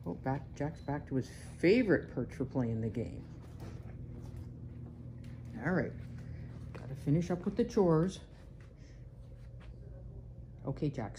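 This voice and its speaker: A woman talking casually to her dog and cat at home, coaxing and gently scolding them. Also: rumbling low, expressive, unhurried, long pauses, a little hiss or hum. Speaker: pet owner. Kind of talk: casual talk to her pets. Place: home indoors.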